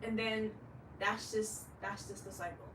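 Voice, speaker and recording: A woman's voice: medium pitch, fairly even intonation, a little slow, roomy sound, distant mic, noisy background. A woman in her late twenties, a fashion designer, talking candidly in a rambling vlog monologue and swearing freely. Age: late 20s.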